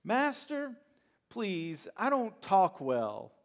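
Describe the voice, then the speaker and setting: A man's voice: high-pitched, huge pitch swings, drawn-out words, voice pushed up, exaggerated voice. A man voicing a whiny adult man who pleads and stammers through excuses. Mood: whining. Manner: stammering, whining.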